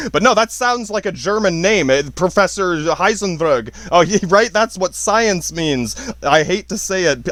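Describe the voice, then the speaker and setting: A man's voice: a little high, fairly bright tone, no room sound. A man hosting a podcast, talking in a rambling, profane monologue and laughing often between his points. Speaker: podcast host. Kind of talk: casual monologue.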